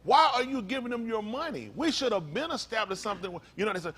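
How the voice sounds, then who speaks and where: A fiery man preaching to his congregation in a high, lively voice that leaps all over its range. He talks in loose slang, drops to low mutters, then bursts out loud and fires rhetorical questions at the crowd. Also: fast talker, few pauses, breathy edge. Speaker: pastor. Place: congregation meeting room.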